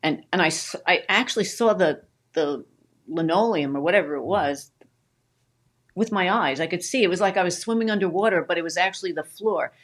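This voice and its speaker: A woman co-hosting a casual talk show, telling an animated story about her own mishap and acting out her own cries. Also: on the low side, fairly quick. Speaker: co-host, wife of the host.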